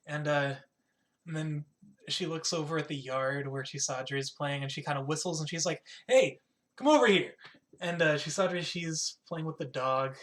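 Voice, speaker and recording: A man game master who narrates a tabletop scene in a relaxed, improvised way. He leans on "like" and "kind of" a lot, and his voice sits a touch high. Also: moderate pace. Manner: casual, filler-heavy, says "like" and "kind of" often.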